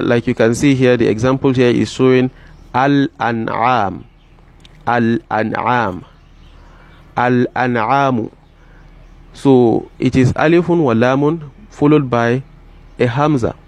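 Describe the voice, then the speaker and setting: A man teaching a lesson, repeating example words slowly and deliberately, with many fillers and restarts. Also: medium pitch, darkish tone. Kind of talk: explaining a text line by line.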